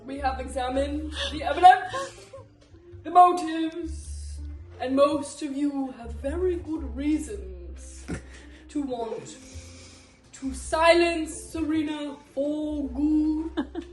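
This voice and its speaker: A woman's voice: high voice, slow. A woman playing a theatrical cruise ship host. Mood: mock-solemn. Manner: grand, theatrical announcing. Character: theatrical female cruise ship crew host announcing a murder. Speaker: murder mystery party host. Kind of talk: amateur party role-play. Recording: echoey room, faint music behind.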